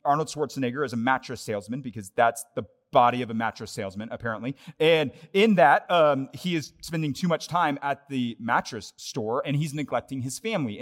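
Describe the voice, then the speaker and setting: A young adult man preaches to his congregation in a relaxed, conversational voice of middle pitch. He moves between quick, lively asides and quieter, earnest stretches. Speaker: pastor. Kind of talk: sermon.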